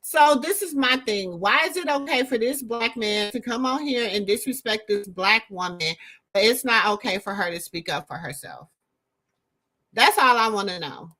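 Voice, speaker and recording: A woman's voice: a little high, expressive, normal speed, pushed and bright. A middle-aged woman with a Southern drawl hosts a casual chat, reacting to viewer comments in a rambling, slangy way. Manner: rambling, talks straight to viewers, leans on slang.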